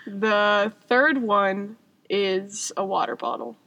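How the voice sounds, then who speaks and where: A young woman co-hosting a podcast, chatting casually, joking often and dropping quick asides. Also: medium pitch, steady tone, bright, forceful tone, dry recording, lo-fi sound. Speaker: podcast co-host. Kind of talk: casual chat. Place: booked room that closes for the night.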